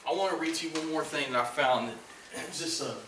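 Earnest preaching pastor, echoey hall. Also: male voice, fairly high pitch, quick pace. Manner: earnest preaching, repeats "listen" for emphasis. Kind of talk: sermon. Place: church sanctuary. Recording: echoey church hall from a distant mic with background noise.

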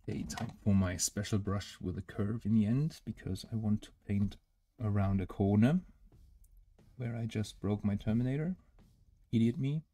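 German man, native German speaker with a German accent, lowish voice, relaxed hesitant hobby-stream chat. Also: moderate pace, a little hiss or hum. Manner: hesitant, many filler sounds. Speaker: miniature painting streamer. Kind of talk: casual chat while painting.

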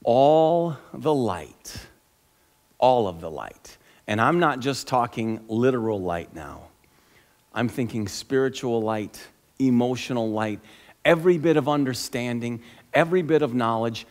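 A man, the pastor, preaching a sermon, swinging from loud emphatic passages to hushed, slow, awed lines. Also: mid-range voice, sing-song. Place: church sanctuary. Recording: long reverb of a church hall.

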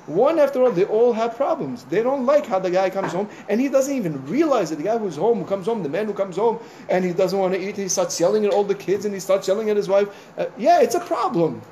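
A man's voice: high voice, fast talker, few pauses, a little hiss or hum. A man, a rabbi, giving an informal sermon, telling stories in a conversational way with many "you know" asides and acting out what people said. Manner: animated storyteller, acting out conversations.

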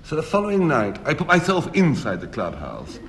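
A man on a radio comedy panel, telling a comic story with wry, deadpan delivery and dramatic pauses. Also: on the high side, slight background noise.

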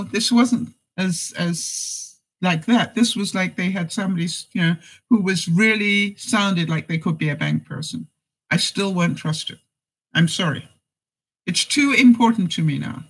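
The vlogger's voice is medium-pitched and fairly bright, captured with poor audio quality. Offering life advice straight to camera, she chats casually, spins stories, acts out phone conversations, and breaks into laughter between points.

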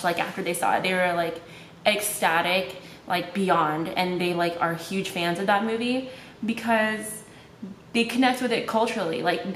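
A woman's voice: medium pitch, a bit bright, slight background noise. A young woman from Malaysia chatting casually in a vlog, with lots of "like" fillers. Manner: chatty, heavy use of "like" fillers. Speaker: vlogger. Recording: echoey room with faint ambience.

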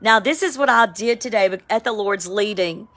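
A woman, giving a casual, emphatic spoken devotional, with sudden excited high cries. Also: moderate pace. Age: 50s. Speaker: Christian devotional vlogger. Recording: home, with a siren outside.

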